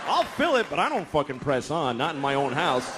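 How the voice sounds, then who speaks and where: High, wildly swinging ranting comic, man. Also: big pitch swings, fairly quick, crowd noise, noisy background. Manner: ranting, shouts his punchlines. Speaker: stand-up comedian. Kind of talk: stand-up comedy set. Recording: live club with audience laughter.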